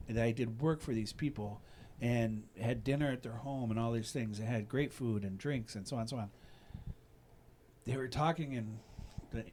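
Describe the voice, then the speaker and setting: A man's voice: medium pitch, darkish tone, a little hiss or hum. A middle-aged man with a Chicago accent hosting a casual podcast chat, telling long rambling stories and checking in with "you know what I mean". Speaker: podcast host.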